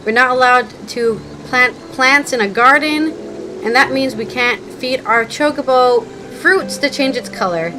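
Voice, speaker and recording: A woman's voice: sits high, unhurried, background noise. A woman streaming a game, chatting casually, swearing and laughing freely. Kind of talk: casual live-stream commentary. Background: game music.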